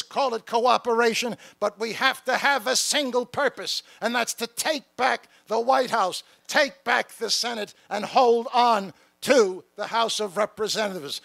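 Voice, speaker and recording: A man's voice: very high voice, unhurried, gravelly, few pauses, a bit bright, full character voice. A man playing a fiery revolutionary founding father, giving an impassioned, emphatic political speech from a stage at a podium microphone. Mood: rousing. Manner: impassioned, emphatic, calls out to the crowd. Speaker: keynote speaker. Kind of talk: rousing political speech in character. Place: stage at a large gathering.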